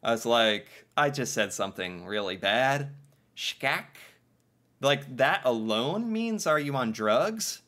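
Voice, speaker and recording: A man reacting to each word and thinking it through out loud, with frequent laughs. His voice is bright and swings widely in pitch. The talk is loose and casual. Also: lively intonation, takes it slowly. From United States. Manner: musing aloud, laughing often. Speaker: reaction video host.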